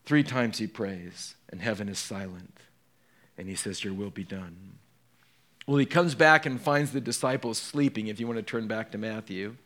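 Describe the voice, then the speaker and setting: A male pastor preaching a sermon in an animated way, moving between hushed and emphatic and putting questions straight to his congregation. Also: on the low side, moderate pace.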